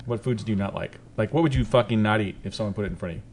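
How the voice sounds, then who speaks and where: A man's voice: on the low side, racing, darkish tone, a little hiss or hum. A married man co-hosting a casual chat, swearing freely and laughing a lot. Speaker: podcast co-host.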